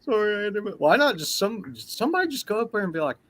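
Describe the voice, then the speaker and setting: A man on a podcast ranting in casual chat, animated and profane. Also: high voice, quick pace, slight background noise. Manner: animated, swearing rant. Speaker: podcast co-host.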